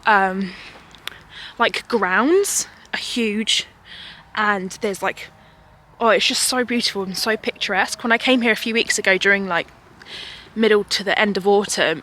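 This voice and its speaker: A woman's voice: medium pitch, sharp tone. A young woman vlogging outdoors in a park, chatty and rambling, a little out of breath and laughing often. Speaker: vlogger and mother. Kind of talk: casual chatty vlog.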